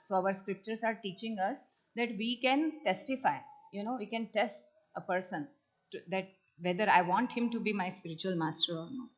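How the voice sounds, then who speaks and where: A woman's voice: mid-range voice, normal speed. Woman reading and explaining devotional takeaways. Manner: reads aloud, then explains in her own words. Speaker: temple speaker.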